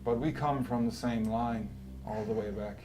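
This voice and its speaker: A man voicing a courtly old male elf noble who speaks in a formal, measured way, with music playing behind him. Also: fairly low pitch, fairly even intonation, natural voice. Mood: courteous.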